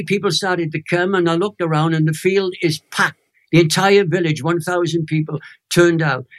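An older man in his eighties with a Welsh accent and a fairly high voice tells his story with lively emphasis. He leans hard into the emotional peaks as a guest in an interview. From Wales. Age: 80s. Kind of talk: animated storytelling testimony.

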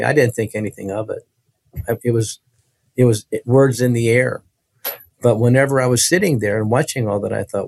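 A man's voice: medium pitch, normal speed, creaky, a little mellow, no echo. Brief: man sharing his testimony, earnest storyteller, medium voice, dry close sound. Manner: earnest, vivid storytelling with many restarts. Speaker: guest telling his testimony. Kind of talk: personal faith testimony in conversation.

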